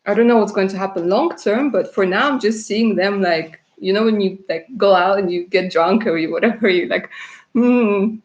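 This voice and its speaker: A woman from Russia doing live-stream tarot readings, chatty and warm in her words, laughing often and calling viewers darling. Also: medium pitch, normal speed, muffled recording, a little hiss or hum. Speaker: tarot reader.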